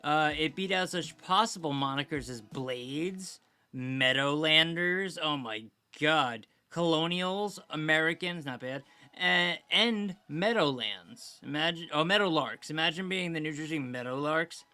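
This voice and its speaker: A man's voice: fairly high pitch, moderate pace, sharp tone, clean tone. A man hosting a fan show, casually reading an old program aloud and breaking in with joking asides.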